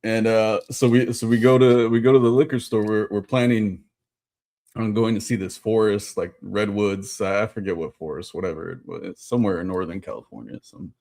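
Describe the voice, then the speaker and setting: A man co-hosting a podcast, telling a story in a casual, halting way, repeating words as he goes. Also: lowish voice, fairly even intonation, gravelly, a little mellow. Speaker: podcast co-host.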